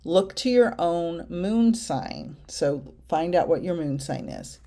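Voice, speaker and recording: Lady medium pulling oracle cards, kinda low voice, talks slow, chatty and gushing. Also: dark tone. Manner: chatty and effusive, reads card text aloud. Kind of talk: card-reading vlog.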